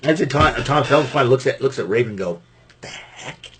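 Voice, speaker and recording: A man's voice: medium pitch, fast talker, a little hiss or hum. A man from Massachusetts hosting a show and recapping a wrestling event in a casual, rambling way, often laughing. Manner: animated, laughing, rambling with restarts. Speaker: podcast host.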